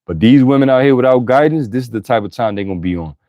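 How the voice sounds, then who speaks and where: A man's voice: medium pitch, expressive, quick pace, dark tone, dry recording. A man reading scripture aloud and breaking off into blunt, profane, emphatic commentary, with bursts of laughter. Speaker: Bible teacher.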